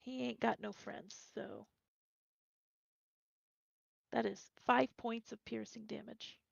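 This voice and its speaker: A woman with a heavily gravelly, slightly high voice runs a tabletop game as game master. She talks in a loose, casual way and laughs often. The sound is dull and dry, a lo-fi recording with no room around it. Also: steady tone, takes it slowly, dry recording.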